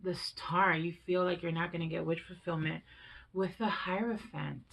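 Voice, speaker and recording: A woman's voice: fairly low pitch, steady tone, moderate pace, gravelly, a bit bright, rough recording. A woman in her thirties reading tarot in a loose, chatty way. She swears without a second thought and keeps coming back to a reassuring, coaching tone aimed at her listeners. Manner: candid, conversational, swears freely. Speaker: tarot reader.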